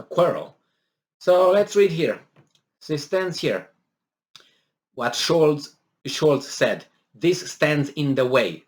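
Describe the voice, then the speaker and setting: This man's voice is mid-range as he offers casual, rambling remarks on a news article. Fillers and restarts pile up, and he mimics the people he quotes with put-on exasperation.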